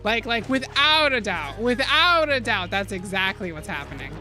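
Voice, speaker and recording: A woman streaming a video game, commenting out loud, joking and exclaiming as she plays. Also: mid-range voice, normal speed, faint music behind. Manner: animated, exclaims and laughs often, jokes with chat. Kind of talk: live gaming commentary.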